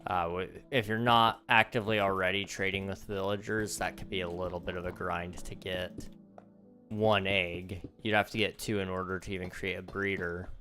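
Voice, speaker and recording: A young male streamer with a very low voice that has gone slightly hoarse. He chats loosely as he plays, thinking out loud with plenty of ums and short laughs. Clear music plays behind him. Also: flat delivery. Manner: chatty, thinks aloud with frequent ums and quick laughs. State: slightly hoarse, losing his voice. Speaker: gaming livestreamer. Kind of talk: casual live-stream chat while playing. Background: background music.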